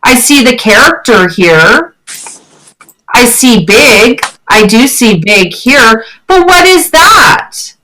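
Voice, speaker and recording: A woman teaching English online to a child, asking encouraging questions in a bright, animated voice. She speaks slowly and clearly, and her pitch rises on questions. The sound comes through a computer headset mic. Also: slight background noise, poor audio. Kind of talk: one-on-one online lesson.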